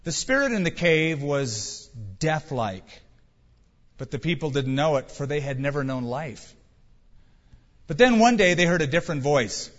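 Pastor guy telling stories in a sermon, kinda high voice, big echoey church. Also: big pitch swings, measured pace. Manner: storytelling, conversational with rhetorical questions. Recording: reverberant church hall, dull sound.

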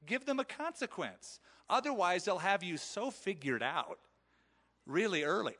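A male pastor with a bright, forceful voice preaches in a conversational way, slipping into the voices of parents as he talks. His voice is pitched a little high for a man. The sound carries a long reverb from a church hall. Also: very animated, a little slow. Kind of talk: sermon. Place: church sanctuary.

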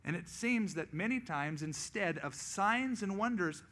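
Animated preacher man, slightly high voice. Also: a little slow. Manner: acts out quoted voices, animated storytelling. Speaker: pastor. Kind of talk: sermon.

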